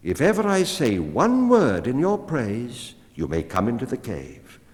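A man's voice: medium pitch, wildly swooping pitch, measured pace, darkish tone, pitched above the performer's own voice. A man voicing a proud, commanding woman in a storybook, speaking in a raised, emphatic, declaiming voice. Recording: long hall reverb.

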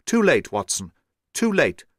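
Male reader playing a brisk detective with quick, clear speech in a dry, close recording. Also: medium pitch, sing-song, a bit bright, dry recording. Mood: urgent.

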